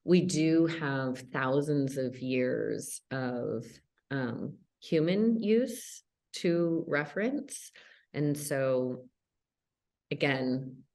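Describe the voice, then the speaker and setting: A woman hosts a casual podcast interview, her delivery hesitant and full of restarts. Her voice is exceptionally low for a woman, and she speaks slowly. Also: expressive, darkish tone. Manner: hesitant, lots of ums and restarts. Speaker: podcast host.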